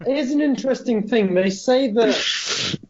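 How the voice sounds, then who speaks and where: A man co-hosting a podcast, measured and agreeable in casual chat. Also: extremely high pitch, dull audio, a little hiss or hum. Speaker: podcast co-host.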